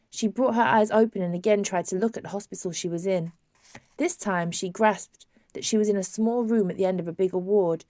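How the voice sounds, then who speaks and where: A woman narrates a novel in a measured, even storytelling manner, at a middle pitch. Her voice is close and dry, with no room sound. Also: no room sound. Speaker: audiobook narrator. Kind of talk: scripted narration.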